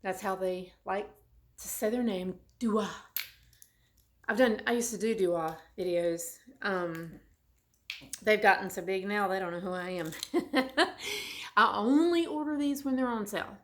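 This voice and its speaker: A woman's voice: medium pitch, measured pace, a bit bright. A woman vlogger with a Southern US accent, talking casually and rambling with frequent restarts as she shows things to the camera. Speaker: beauty vlogger. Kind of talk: casual chat.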